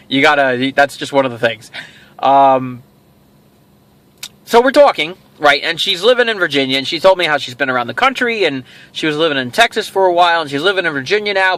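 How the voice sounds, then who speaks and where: A middle-aged man hosting a casual video, rambling through a personal story and acting out what each person said. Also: fairly high pitch. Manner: rambling, animated, acts out quoted dialogue. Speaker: toy show host.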